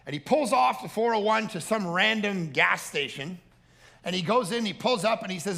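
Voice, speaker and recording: A male pastor preaching with a gravelly, bright voice. He tells stories in an animated way and prays in a quiet, earnest one. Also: high voice, moderate pace. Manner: animated storytelling, turning to a quiet prayer. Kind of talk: sermon.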